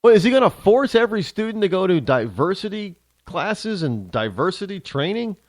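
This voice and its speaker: A man's voice: high voice, sing-song, normal speed, no room sound, studio quality. A male talk show host delivering a sarcastic, ranting opinion monologue, switching into mock voices.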